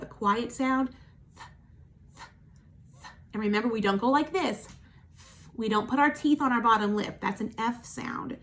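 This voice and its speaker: A woman teacher giving a recorded phonics lesson for young children, slowly modelling sounds for them to repeat and praising them patiently. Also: fairly high pitch, fairly bright tone, a little hiss or hum. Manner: encouraging, patient. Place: at home.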